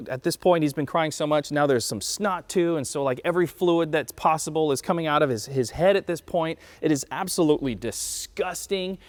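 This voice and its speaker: A man's voice: a little high, no echo. A man in his thirties preaching a conversational sermon, telling stories in a self-deprecating way. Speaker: pastor. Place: church during lockdown livestream.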